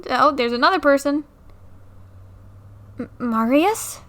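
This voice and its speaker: A woman's voice: high-pitched, unhurried, pauses often. A young woman casually commenting on a game at home into a new mic, playfully reading the dialogue aloud and joking about it. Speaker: let's play creator. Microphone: new desktop mic.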